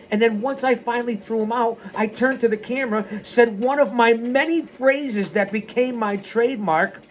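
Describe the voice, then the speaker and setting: A man's voice: very high voice, normal speed, few pauses. Guy hosting story time, reads first person, goes off on tangents. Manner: animated, prone to tangents. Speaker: host.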